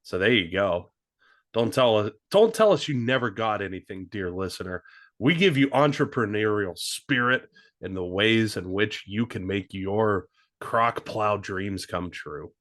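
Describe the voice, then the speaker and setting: Man, low voice, laid-back, dry asides, comedy podcast co-host. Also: animated, measured pace, a bit bright. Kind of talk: comedic sports podcast banter.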